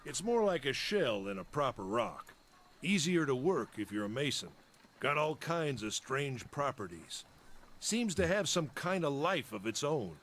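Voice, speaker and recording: An actor playing a gruff, practical middle-aged caravan leader in a video game, who speaks in terse, matter-of-fact lines with a weathered, folksy drawl. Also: male voice, mid-range voice, very animated, measured pace, fairly bright tone. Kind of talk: voiced video game dialogue.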